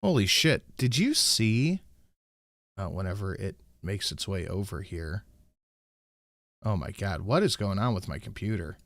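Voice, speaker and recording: A man's voice: sits low, big pitch swings, unhurried, long pauses, fairly bright tone, no room sound, studio quality. An American man co-hosting a casual podcast chat, wry and teasing, with some swearing. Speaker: podcast co-host.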